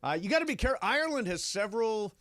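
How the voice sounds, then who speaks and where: A man's voice: high voice, big pitch swings, a bit bright, no room sound. A male co-host on sports talk radio, eager and enthusiastic, chiming in often. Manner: eager, quick agreement, enthusiastic.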